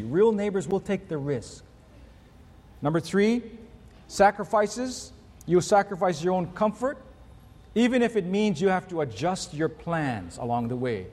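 High-voiced preacher in a reverberant hall. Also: male voice, darkish tone. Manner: earnest, teaches in numbered points. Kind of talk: sermon.

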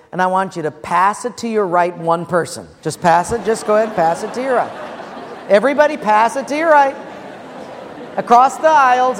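High-pitched guy pastor, coaxing the crowd, slows way down for effect, big echoey church. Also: fairly bright tone, slight background noise. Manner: playful, coaxing, dramatic slowdowns. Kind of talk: sermon with audience participation. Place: church sanctuary. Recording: long church reverb.

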